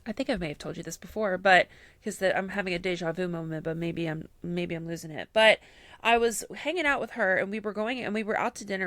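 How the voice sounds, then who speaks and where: A woman's voice: on the low side, a bit bright, no room sound. A woman co-hosting a podcast, chatting casually and telling stories full of fillers and acted-out quotes. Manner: chatty storyteller, lots of fillers, acts out quotes. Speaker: podcast co-host. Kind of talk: casual chat.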